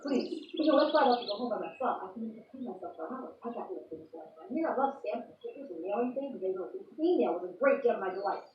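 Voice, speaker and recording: A woman's voice: fairly high pitch, animated, quick pace, hardly any pauses. A woman rambling playfully through an improvised monologue in the persona of a star sign, amused by herself. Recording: echoey room, from far off, dull lo-fi sound, faint noise.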